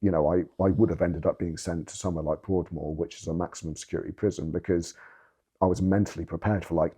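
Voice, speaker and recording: A man's voice: deep voice, steady tone, fast, warm tone, breathy edge. A man, giving candid personal testimony in an interview, earnest and emphatic, swearing for emphasis. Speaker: interviewee sharing his story.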